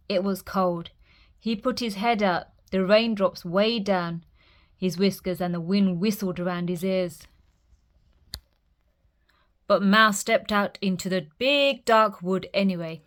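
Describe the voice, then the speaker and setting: A woman reading a picture book aloud for children's storytime, gentle and expressive. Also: mid-range voice.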